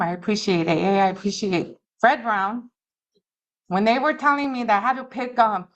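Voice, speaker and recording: Woman, middle-aged, recovery testimony, earnest, halting, mid-pitched, muffled lo-fi recording. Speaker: alumni speaker at a recovery meeting. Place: meeting room.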